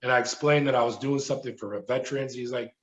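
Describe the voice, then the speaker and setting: A middle-aged man speaks as a podcast guest, telling a long personal story with lively delivery. His voice sits at a middle pitch. The audio is roomy and muffled, as if from a remote call. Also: fast talker. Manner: animated storyteller who acts out quoted voices. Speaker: podcast guest, former prison guard. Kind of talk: storytelling interview.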